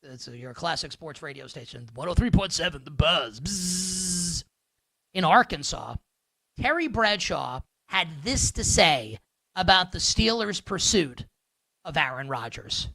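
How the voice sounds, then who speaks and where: A man with a New York accent hosts a live sports talk show, his voice bright and forward. The sound is dry and close, and he rambles along in an animated, sarcastic way. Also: on the high side, measured pace, gravelly, dry recording, low-quality recording. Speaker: sports betting show host.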